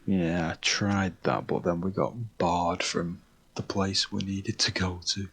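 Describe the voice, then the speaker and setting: A man playing in a tabletop game, speaking in a flat, unhurried way. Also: low voice, breathy edge. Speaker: player.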